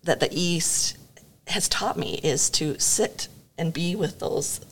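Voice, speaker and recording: A woman with a somewhat low voice hosts a conversational interview. She asks gentle, reflective questions and fills the pauses with frequent affirming murmurs. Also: slight background noise. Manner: warm-hearted, frequent affirming backchannels. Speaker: podcast host, interviewer.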